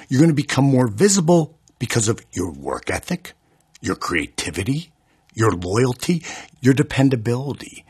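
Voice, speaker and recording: Husky, lively motivational speaker man. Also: mid-range voice. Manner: storytelling, animated, plays out scenes. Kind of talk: motivational talk on an audio CD.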